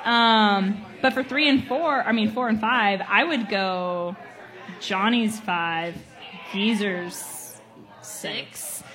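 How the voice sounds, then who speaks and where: A woman's voice: medium pitch, slow, fairly bright tone. A woman co-hosting a casual podcast chat, joking and swearing freely. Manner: profane, joking. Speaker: podcast co-host.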